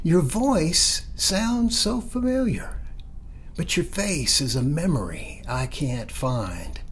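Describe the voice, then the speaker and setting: A man's voice: a little high, lively intonation, takes it slowly, husky, pitched above the performer's own voice, heavily acted. A man voicing a confused elderly mother whose memory is fading, asking over and over in a pleading, bewildered way.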